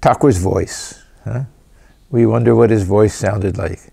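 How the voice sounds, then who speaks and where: A man, a swami, reading scripture aloud and explaining it in a gentle way, often repeating and restarting his phrases. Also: fairly low pitch, unhurried, gravelly, breathy edge. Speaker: swami giving scripture commentary. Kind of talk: reading with spoken commentary.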